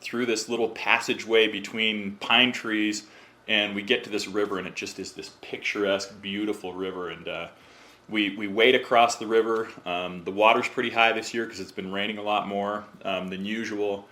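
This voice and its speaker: A man who is a podcast guest, telling a story in a casual, animated way and acting out what others said. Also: fairly low pitch, moderate pace. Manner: animated, acts out quotes in other voices.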